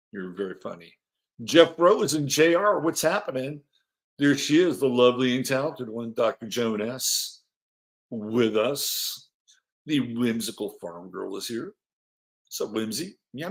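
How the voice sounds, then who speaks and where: Chatty man hosting a livestream. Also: medium pitch. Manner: loose and chatty, swears casually, many fillers. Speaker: astrology livestream host. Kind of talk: casual livestream chat, reading chat greetings.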